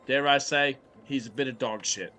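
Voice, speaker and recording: A man's voice: medium pitch, normal speed, bright, forceful tone, soft background music, lightly acted. A man playing a pompous male governor in a tabletop game, speaking in a grand, folksy drawl. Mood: grandiose.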